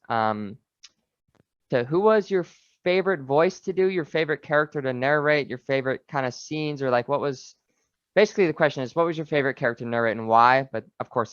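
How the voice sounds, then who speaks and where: Brief: male co-host, smooth clear tone, dry and slightly muffled mic, eager chatty questions. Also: medium pitch, no room sound. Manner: enthusiastic, rambling questions that he rephrases. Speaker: podcast co-host. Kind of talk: casual interview chat.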